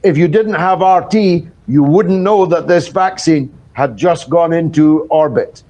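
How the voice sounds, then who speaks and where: An older man giving a wry, rhetorical answer as a guest in a live news interview, filling his pauses with "uh". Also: a little high, warm tone. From Britain. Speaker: political commentator guest.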